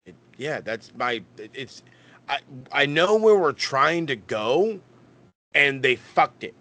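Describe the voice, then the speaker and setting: A man's voice: mid-range voice, lively intonation, takes it slowly, bright, forceful tone. A man co-hosting a casual wrestling podcast, rambling and swearing with lots of stammered restarts. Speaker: podcast co-host.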